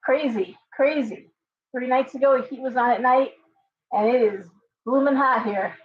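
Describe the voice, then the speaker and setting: A woman's voice: high voice, normal speed. Chatty woman on a lo-fi livestream. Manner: chatty, talks to her parrot in baby talk. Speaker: livestream host and tarot reader. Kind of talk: casual livestream chat. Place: home room with open windows. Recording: dull lo-fi livestream audio.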